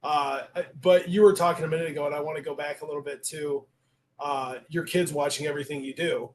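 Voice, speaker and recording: Animated middle-aged man hosting, faint noise. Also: on the high side, fast talker, rough recording. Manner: animated anecdotal storyteller. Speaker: podcast host. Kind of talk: casual chat.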